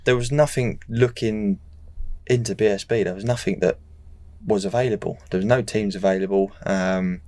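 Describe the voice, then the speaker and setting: Low gravelly-voiced man. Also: normal speed, mellow, dry recording. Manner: rambling storytelling with many restarts and fillers. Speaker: guest racing rider. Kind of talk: casual interview chat.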